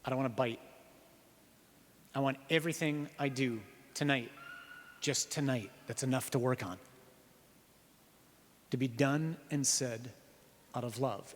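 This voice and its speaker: A man's voice: mid-range voice, slight background noise. Man preaching in a reverberant church. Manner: earnest preaching with slowed, emphatic phrases and rhetorical questions. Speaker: priest. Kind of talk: sermon.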